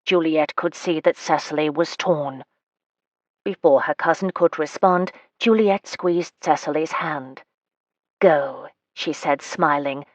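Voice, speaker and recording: A woman narrating a romance novel as an audiobook, giving the characters' dialogue small lifts in pitch. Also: measured pace, dry recording.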